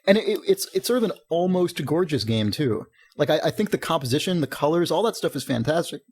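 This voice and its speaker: A man's voice: fairly high pitch, lively intonation, quick pace, darkish tone, slightly rough. A man co-hosting a podcast, talking casually and animatedly, swearing freely and laughing often. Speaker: podcast co-host. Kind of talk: casual chat.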